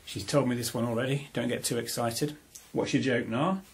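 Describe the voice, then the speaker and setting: A man leads a home music lesson for a small child, keeping his tone encouraging and sing-song. His voice carries a gravelly edge at a middling pitch. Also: steady tone, normal speed. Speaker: parent teaching music to a child.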